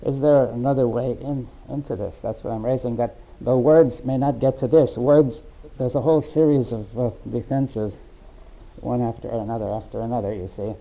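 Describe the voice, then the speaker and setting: A man in a philosophical discussion, talking haltingly and often checking in with "right?" and "you see". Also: medium pitch, fairly even intonation, creaky, mellow, rough recording. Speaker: discussion participant.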